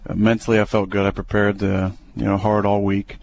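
A young adult man, a quarterback, talking through plays in a relaxed, hesitant way with many fillers and restarts. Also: on the low side, fairly quick, vocal fry. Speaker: football quarterback. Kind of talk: casual radio interview.

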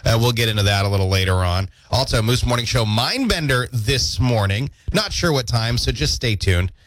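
A man's voice: mid-range voice, expressive, moderate pace, no room sound. A man hosting a morning radio show with playful, jokey banter from a studio mic. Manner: playful, jokey, self-mocking. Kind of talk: casual on-air banter. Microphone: studio microphone.

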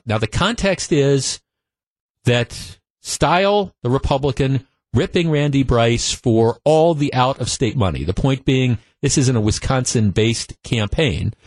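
A man's voice: medium pitch, a little mellow, dry recording. A man hosting a political talk radio show, opinionated and emphatic, often repeating himself as he builds his case. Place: radio studio.

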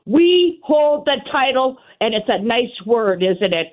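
A woman's voice: fairly high pitch, very animated, unhurried, few pauses. Impassioned older woman caller on phone. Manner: impassioned, voice breaking with emotion. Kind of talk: emotional call-in talk radio. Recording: tinny phone line.

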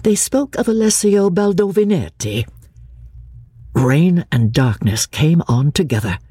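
Expressive audiobook narrator, husky and dry. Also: mid-range voice, no echo. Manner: expressive, varied reading. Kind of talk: scripted narration of a classic novel.

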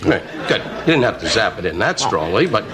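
A man's voice: on the low side, sing-song, brisk, crowd noise. A man doing insult comedy as a talk show guest, firing teasing wisecracks and chuckling between jokes. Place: TV studio. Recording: archival TV clip with loud noise.

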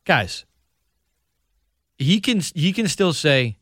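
A man hosting a podcast in casual chat, wry and quick to joke. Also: a little high, big pitch swings, fairly bright tone, dry recording, clean studio sound. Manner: wry, chiming in with jokes. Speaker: podcast host.

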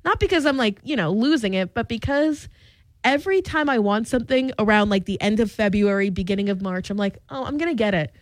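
A woman's voice: mid-range voice, animated, brisk, dry recording. A woman in her twenties co-hosting a morning radio show, chatting casually with lots of fillers and giggles. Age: 20s. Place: radio studio.

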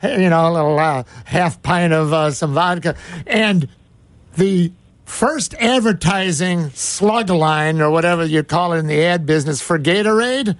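A man's voice: a little high, unhurried, no room sound. A middle-aged man hosting a sports radio show, boisterous and rambling, full of jokes and tangents. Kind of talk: casual radio chat.

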